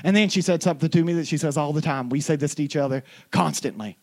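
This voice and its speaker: A man preaching a sermon with passion, building into shouts. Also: fairly high pitch, fast talker, hardly any pauses. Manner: impassioned preaching that swells into shouts.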